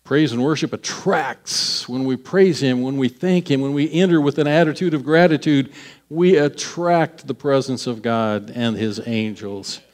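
A man's voice: mid-range voice, unhurried, a little mellow. A man preaching a sermon, retelling a scripture story with acted-out voices, restarting phrases and laughing at himself.

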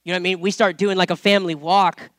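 A very high-voiced man, an adult parent serving as pastor or Bible teacher, preaches casually through an informal sermon with scripture reading. He talks fast in a level, a bit bright tone, conversational and repeating words as he builds emphasis, in a studio-quality recording with no echo.

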